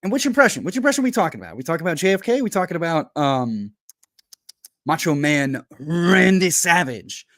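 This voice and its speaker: A man hosting a casual livestream from home, hyped and folksy, who keeps calling people brother and bursts into loud pep talks. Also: fairly high pitch, sing-song, a little fast, no room sound, clean studio sound. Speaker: host.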